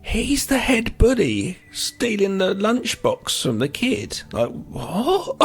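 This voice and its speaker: A man with a fairly high voice riffs on a film with his co-host, incredulous and joking. His pitch swings widely as he mocks what he sees. He swears freely. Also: huge pitch swings, takes it slowly, a little hiss or hum. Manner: incredulous, jokey, sweary commentary. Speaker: podcast co-host. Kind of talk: casual film banter.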